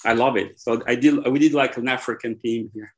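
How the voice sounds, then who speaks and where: A man's voice: medium pitch, steady tone, fairly quick, fairly bright tone. A Brazilian man with a friendly Brazilian Portuguese accent, talking casually as an interview guest over a video call. He is hesitant, restarts his phrases and repeats words as he looks for the right ones. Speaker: guest animator.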